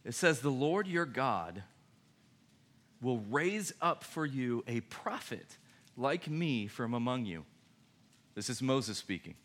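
A young man preaching casually to a youth group, conversational and jokey, with quick voiced asides. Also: mid-range voice, very animated, fairly bright tone.

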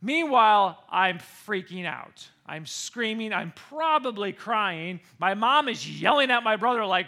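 A man from Michigan telling a personal story to an audience in a lively way, often checking in with listeners by asking "okay?" or "right?". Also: high voice, moderate pace, few pauses. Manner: addresses listeners directly with frequent "okay?" and "right?".

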